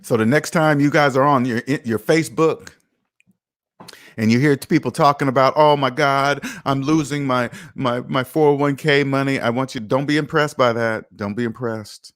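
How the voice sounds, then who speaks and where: A man hosts a casual personal finance livestream. He talks emphatically and a little preachy, and reads out viewer comments as he goes. His voice sits in an ordinary middle pitch. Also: fairly even intonation, moderate pace, fairly bright tone. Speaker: finance channel host.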